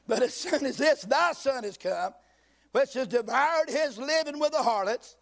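High-voiced preacher reading scripture slowly. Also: male voice, expressive, vocal fry. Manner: reads scripture slowly in old King James wording, breaking off with folksy asides; rises to shouted emphasis. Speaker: pastor. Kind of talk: sermon. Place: church sanctuary.

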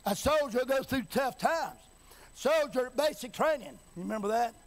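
Speaking at an ordinary pace in a very high, animated voice, a preacher delivers a sermon that swells into shouting and chanting, then falls quiet and folksy. He repeats phrases and keeps checking if the congregation hears him.

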